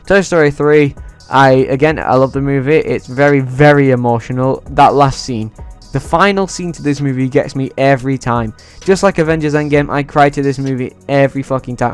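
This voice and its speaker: Dude ranting excitedly about movies, smooth clean voice, a bit of music under it. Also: male voice, medium pitch, a little fast. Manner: excitable, swears freely. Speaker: YouTuber. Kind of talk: casual movie ranking vlog.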